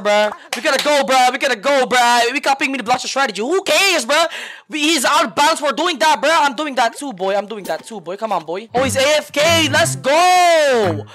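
A young man with a high, boyish voice rattles off cocky play-by-play, teasing his rival and laughing as he goes. The commentary is loose and trash-talking, peppered with "bro" and "boy." Music plays clearly underneath. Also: sharp tone. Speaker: gaming YouTuber.

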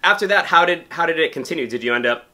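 Man, interviewer, bright tone, mid pitch, inquisitive, echoey room. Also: animated, fast talker. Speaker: interviewer, show host. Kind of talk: interview questions.

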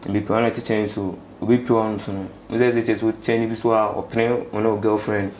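A young man from Ghana telling his story in a casual street interview, speaking haltingly and mixing English with local words. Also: on the low side, level tone, a little mellow. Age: young adult. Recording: echoey space with faint background noise.

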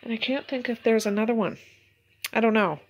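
A woman's voice: on the high side, brisk, lo-fi sound. A middle-aged woman with a Nova Scotian accent, chatting in a rambling, self-correcting way for her home vlog. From Nova Scotia, Canada. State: out of breath. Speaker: vlogger. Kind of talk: casual chat. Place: outdoors in snow at dawn.

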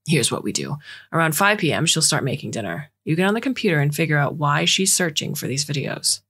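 Woman doing a gruff scheming dad. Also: low voice, sing-song, a little fast, a bit bright, exaggerated voice. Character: middle-aged father, evasive and scheming.

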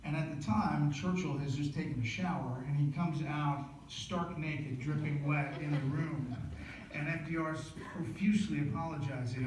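Male author lecturing, animated storyteller, distant mic, heavy hall reverb, faint room noise. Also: a little high, moderate pace. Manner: animated storytelling with frequent fillers and restarts. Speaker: author giving a book lecture.

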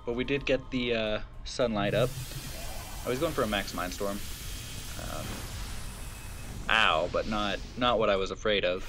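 A man's voice: lowish voice, a little slow, long pauses, bright, forceful tone, a little hiss or hum. A man giving casual let's-play commentary, thinking aloud with fillers and self-corrections. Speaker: gameplay commentator.

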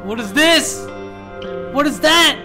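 A man reacting to a cartoon on screen, excitable and cursing, talking back to the characters. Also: very high voice, takes it slowly. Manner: excitable, swears a lot, talks back to the screen. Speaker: reaction video host. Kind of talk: casual reaction commentary. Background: cartoon audio and music playing.

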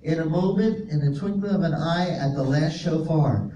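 A man's voice: fairly high pitch, normal speed, warm tone, far from the mic, dull audio. A male pastor preaching a sermon, reading scripture aloud and explaining Greek words to his congregation. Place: fellowship hall. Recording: roomy echo, voice from off-mic, faint noise.

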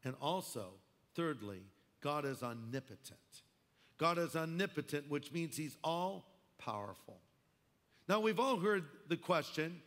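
A man's voice: fairly high pitch, animated, measured pace, fairly bright tone. A man preaching a sermon as pastor, emphatic with wry asides. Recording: long hall reverb.

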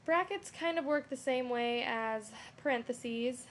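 A woman's voice: sits high, unhurried, a little hiss or hum. A young adult woman giving a casual lesson over her screen, talking loosely with lots of "um" and "you know". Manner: relaxed, with frequent "um" and "you know". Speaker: teacher.

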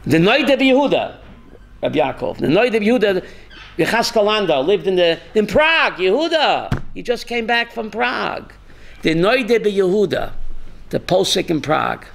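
A man, a rabbi, teaching a class with animated storytelling and calling on students by name. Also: sits high, moderate pace, gravelly, a little hiss or hum.

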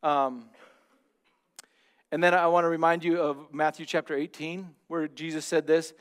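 A man preaching a sermon as pastor, speaking earnestly and directly to the congregation, swinging from loud emphatic bursts to hushed asides. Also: a little high, little pitch movement, normal speed, clean tone.

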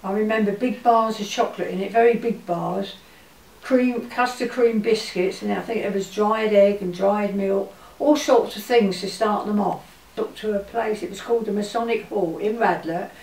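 Elderly woman reminiscing in a roomy space. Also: mid-range voice. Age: older. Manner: halting and gentle, with many pauses and fillers. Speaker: interviewee recalling her childhood. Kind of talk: reminiscing interview. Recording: roomy, distant mic with faint hiss.

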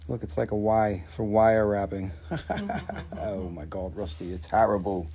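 Unhurried and steady, a man with a warm, fairly low voice hosts a casual live sales stream of minerals. He shows off stones, prices them and keeps up jokey salesman chatter.

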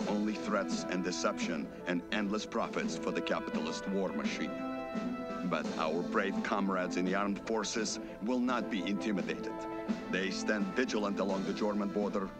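An actor playing a stern Soviet state radio announcer in a game cutscene, declaiming in a measured way. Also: male voice, low-pitched, lightly acted. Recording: game audio with loud music.

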